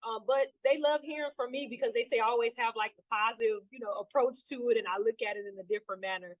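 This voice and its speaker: A woman's voice: on the high side, fast talker, no echo, rough recording. A woman guest in a casual interview, upbeat and talking freely with many fillers. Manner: upbeat, lots of fillers like "you know". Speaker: guest, trainer and sailor.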